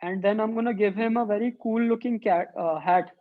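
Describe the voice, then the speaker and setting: A woman leads a children's drawing workshop, chatting through each stroke as she draws. Her voice sits at a middling pitch. The audio is dull and lo-fi, like an online class call. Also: brisk. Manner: chatty, thinks aloud while drawing. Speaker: art teacher.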